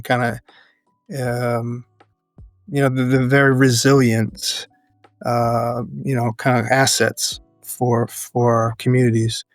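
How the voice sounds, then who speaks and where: A man's voice: mid-range voice, no room sound. Earnest man talking, laughing often. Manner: earnest, speaks in measured phrases and laughs often. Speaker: podcast guest, educator and activist. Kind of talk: reflective interview conversation.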